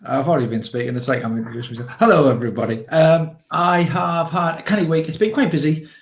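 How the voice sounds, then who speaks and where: A man's voice: on the high side, fast talker, gravelly. A man, chatting cheerfully as co-host with many hesitant fillers. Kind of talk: casual livestream chat. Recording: echoey room.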